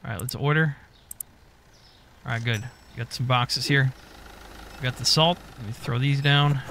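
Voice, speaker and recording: A man's voice: mid-range voice, moderate pace, creaky, a bit bright, slight background noise. A man giving casual gameplay commentary, muttering to himself as he goes and swearing often. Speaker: gaming YouTuber.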